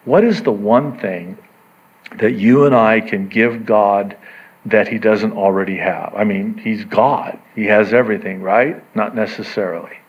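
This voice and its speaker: A man's voice: unhurried, husky, muffled recording. A man preaching a sermon in a conversational way, breaking into quoted voices and making asides to the congregation. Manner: animated, acts out quoted voices with sudden pitch jumps; conversational, self-interrupting with asides. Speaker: pastor.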